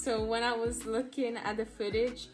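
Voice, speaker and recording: A woman's voice: on the high side, flat delivery, moderate pace, over music. A woman in a casual family vlog, talking in an apologetic, giggly way. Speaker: vlogger.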